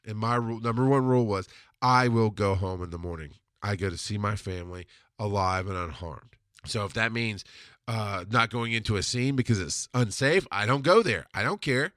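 A man hosting a podcast, talking through listener questions in a blunt, intense way, swearing freely and slowing down hard on the points he wants to land. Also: fairly low pitch, a bit bright, no room sound, clean studio sound. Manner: emphatic, slows down on hard points. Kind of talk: casual monologue.

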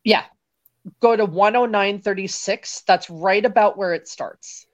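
A woman co-hosting a paranormal chat show, retelling what she heard with excitement. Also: mid-range voice, measured pace, dull audio. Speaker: podcast co-host. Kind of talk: casual chat.

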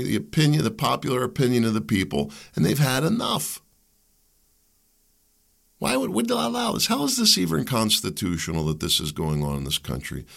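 An American man with a medium-pitched, gravelly, fairly bright voice hosts a podcast of impassioned political commentary. Fervent and preachy, he fires off rhetorical questions and repeats words when he gets heated.

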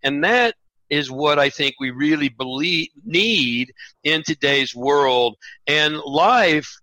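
Earnest bright-voiced man, dry sound. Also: a little high, lively intonation, no echo, rough recording. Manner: earnest, halting restarts, acts out quotes in a raised voice. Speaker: guest author. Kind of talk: reflective interview talk.

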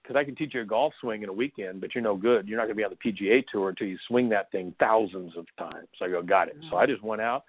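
A fairly low-voiced middle-aged man from San Diego speaks at a quick pace with hardly any pauses, the audio narrow and tinny with no room sound. As a guest hypnosis trainer in a storytelling interview, he chats along, laughs occasionally, and uses plenty of fillers.

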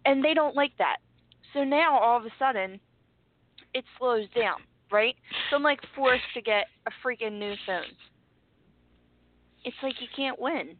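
A woman's voice: fairly high pitch, animated, unhurried, long pauses. A woman co-hosting a radio show, chatting casually, laughing often and swearing freely. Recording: tinny, dry phone-like sound.

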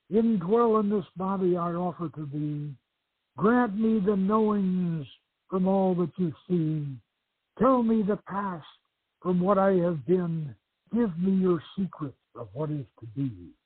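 A man reading aloud, voicing a woman priestess who chants a slow, solemn invocation, over a tinny phone-like radio line. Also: high voice, breathy edge, dry recording, pitched above the performer's own voice, exaggerated voice.

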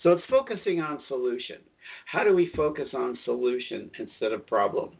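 A man with a mid-range, sing-song voice that is creaky with a breathy edge talks fairly quickly. He hosts a spiritual talk radio show, chatting loosely and circling back to fix his own words. The audio is thin and tinny, like a phone line.

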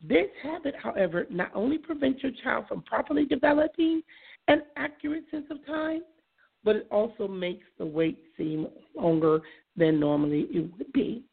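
A hoarse woman hosting a casual talk show, chatty and quick to laugh, often saying things twice. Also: a little high, lively intonation. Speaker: radio show host. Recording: tinny phone-like sound.

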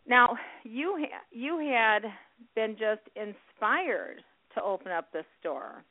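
A woman hosting an internet radio show, chatting warmly and encouraging her guest. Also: fairly high pitch, big pitch swings, slow pace. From Illinois. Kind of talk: casual interview chat. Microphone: phone call. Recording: tinny phone line.

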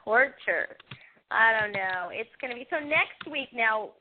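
Woman fan chatting, high voice, gushing, tinny phone-line sound. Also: expressive, measured pace, background noise. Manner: gushing, chatty, lots of fillers. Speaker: podcast co-host. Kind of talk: casual chat about a TV show.

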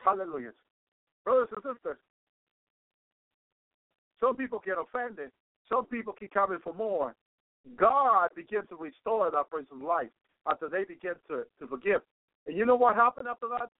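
A man with a high voice delivers a fervent radio sermon, circling back over his phrases and sprinkling in constant praises to the Lord. The sound is thin and phone-like, dry with no room around it. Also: lively intonation, moderate pace, pauses often, dry recording. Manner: repeats and restarts phrases for emphasis. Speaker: radio preacher. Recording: narrow phone-like radio line.

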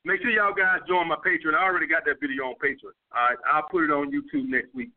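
Blunt, profane dating coach on tinny audio. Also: male voice, fairly high pitch, fast talker. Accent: New York. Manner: blunt, profane, streetwise slang. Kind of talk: casual advice monologue reading viewer questions.

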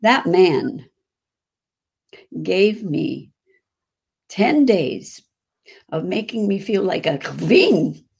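A woman's voice: lowish voice, lively intonation, extremely slow, creaky, long pauses, darkish tone, slightly rough. An older woman with a Chicago accent, chatting effusively as a guest on a video-call interview. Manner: effusive, chatty, restarts often. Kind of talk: casual interview chat.

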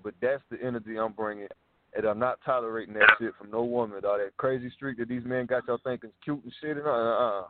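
Blunt man co-hosting a casual chat. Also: medium pitch. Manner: blunt, insistent, profane. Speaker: podcast co-host. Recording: dry, tinny phone-like sound.

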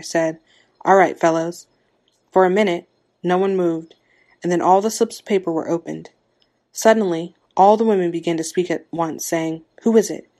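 Woman with a lowish voice to narrate a story, measured and expressive. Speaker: story reader.

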